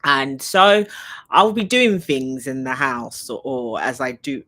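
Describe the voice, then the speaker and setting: A woman's voice: very deep voice, lively intonation, slow pace, fairly bright tone. A woman with an English accent, chatting casually and rambling on a live stream while moving around her home. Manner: chatty and rambling, thinking aloud. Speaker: leadership trainer hosting a live Q&A.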